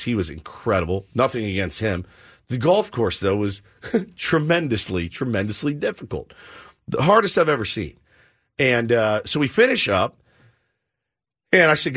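Animated self-mocking male host. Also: medium pitch, moderate pace. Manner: animated, self-mocking, jumps into quoted voices. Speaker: radio show host. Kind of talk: casual storytelling banter.

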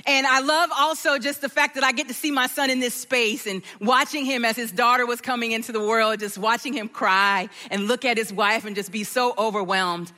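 A middle-aged woman, a guest speaker giving a lively, animated sermon talk. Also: a little high, fairly quick, hardly any pauses, long reverb tail. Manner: animated and warm, with joyful outbursts.

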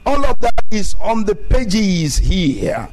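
A man's voice: high-pitched, big pitch swings, takes it slowly, a little mellow, soft background music, poor audio. A man preaching a sermon as pastor, repeating phrases and building to emphatic declarations.

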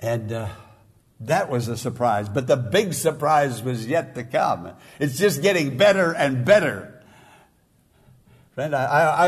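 A pastor preaches with a husky, slightly breathy voice. He speaks slowly and deliberately, suddenly lifting his pitch and volume for emphasis. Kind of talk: sermon.

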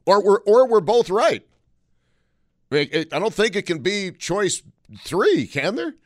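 A man's voice: high-pitched, big pitch swings, a little slow, dry recording, clean studio sound. A man hosting a call-in radio talk show, blunt and wry as he takes calls and talks about the news. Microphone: studio microphone.

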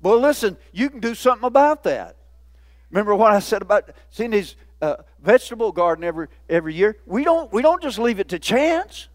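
A man's voice: high-pitched, very animated, fairly quick, dry recording, clean studio sound. A man in his fifties preaching a folksy, playful sermon in a church, often laughing. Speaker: pastor.

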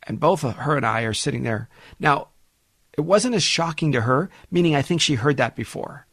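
A man hosting a financial radio talk show, telling a client story in an animated, chatty way with frequent restarts. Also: on the high side, moderate pace, slightly rough, dry recording.

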